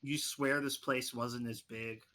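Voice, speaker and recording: A man's voice: mid-range voice, steady tone, slow pace, bright, forceful tone. A man narrating a tabletop game as game master, with vivid, dramatic descriptions.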